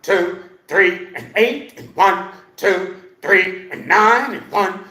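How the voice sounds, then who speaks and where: A man leading a live exercise class for seniors, counting reps loudly, joking and coaxing the class along. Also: sits high, animated, slow pace. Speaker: senior fitness instructor. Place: exercise room. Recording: echoey room.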